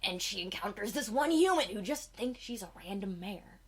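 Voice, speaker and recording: Woman, mid pitch, cosplay comedy host, crude rambling recap, heavy swearing. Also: animated, moderate pace, breathy edge.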